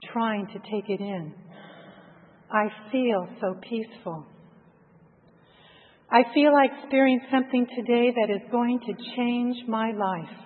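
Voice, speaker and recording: A woman tells a reflective first-person story at an unhurried, hushed pace, her voice slightly higher than most and breathy. The sound is thin and phone-like, with a long reverb trailing each phrase. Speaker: narrator. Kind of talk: first-person guided meditation narration.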